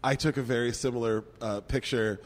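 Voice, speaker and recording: A man in casual chat with a middle-pitched voice, starting hesitantly with lots of fillers before rushing into his story. A long, hall-like reverb trails behind his words. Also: fairly even intonation. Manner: hesitant, lots of uh and um, then speeds up.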